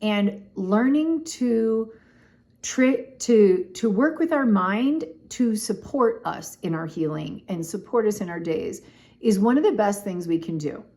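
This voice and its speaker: A middle-aged woman chatting casually to camera, telling a personal story in an animated way, with lots of "like" and "oh my gosh.". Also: mid-range voice, a little slow. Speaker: vlogger.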